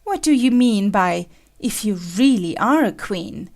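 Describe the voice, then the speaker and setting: A woman's voice: mid-range voice, animated, measured pace, a little mellow. A woman playing a stern, imperious Red Queen who scolds and lectures sharply in a full-cast audiobook. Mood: scolding.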